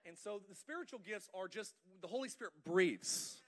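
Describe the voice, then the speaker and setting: Man, pastor, high voice, playful, church sermon, calls for responses. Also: expressive, normal speed, a bit bright. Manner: playful, asks the congregation to respond. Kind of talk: lively sermon with jokes.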